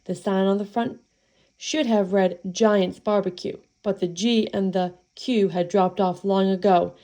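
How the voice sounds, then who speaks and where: Woman storyteller, mellow tone, folksy playful read-aloud of a children's tale. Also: mid-range voice, steady tone, a little slow.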